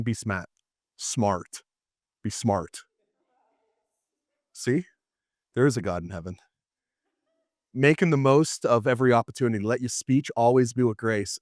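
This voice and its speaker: Animated man teaching a class. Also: mid-range voice, dry recording, studio quality. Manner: animated, storytelling, frequent restarts and laughs. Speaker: apologetics teacher. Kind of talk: lively classroom lesson. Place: classroom with students.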